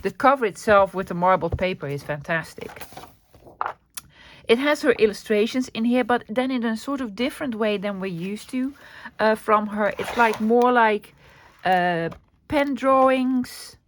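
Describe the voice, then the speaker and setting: Excitable woman. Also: on the high side, unhurried, a little hiss or hum. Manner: chatty and excitable, with fillers and repeats. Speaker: vlogger showing a thrift haul. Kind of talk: casual chat.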